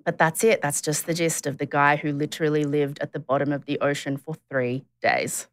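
A woman's voice: low-pitched, flat delivery, fairly quick, dry recording, studio quality. A woman hosting a podcast, telling a story in a chatty way, with many fillers and laughs. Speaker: podcast host. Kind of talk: casual chat.

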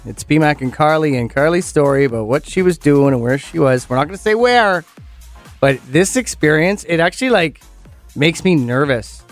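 A man co-hosting a morning radio show, energetic and bantering with his co-host. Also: on the high side, normal speed, faint music behind.

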